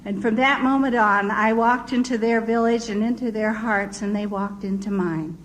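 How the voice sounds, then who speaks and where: A woman's voice: a little high, fairly even intonation, moderate pace, a little hiss or hum, rough recording. An older woman, a missionary, telling her testimony as a vivid story. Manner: vivid storyteller who acts out quoted voices.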